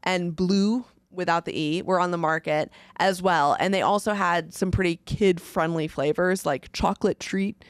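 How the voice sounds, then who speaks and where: A woman's voice: lowish voice, steady tone, normal speed, hardly any pauses, smooth, no echo, studio quality. Chatty laughing woman podcast host. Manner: chatty, laughs often, sarcastic asides. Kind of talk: casual chat.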